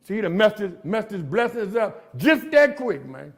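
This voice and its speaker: Speaking to a jail audience, this middle-aged man gives a motivational talk about his recovery, peppered with street slang and lines that end in "man." He has a high, very animated voice at a moderate pace.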